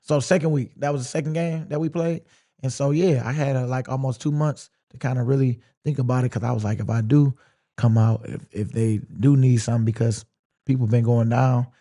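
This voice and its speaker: A pro football player sits down for an unhurried interview about his playing career, speaking in a mellow, dark, mid-range voice. His delivery is relaxed and drawling, and mid-story he often quotes his own thoughts. He stays reflective throughout.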